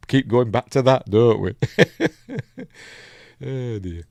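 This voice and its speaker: A man's voice: mid-range voice, big pitch swings, drawn-out words, gravelly, long pauses, a little mellow, no room sound, clean studio sound. A man with a Yorkshire accent hosting a casual live film commentary, rambling and hesitant with lots of ums and restarts, chuckling at his own asides. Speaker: film reviewer hosting a live watch-along.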